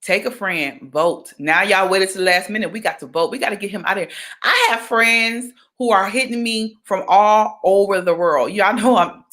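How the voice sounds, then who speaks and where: A young woman from Georgia, chatting casually on a livestream, animated and talkative. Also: medium pitch, normal speed. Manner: chatty, animated, breaks into sung exclamations. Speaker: livestream host.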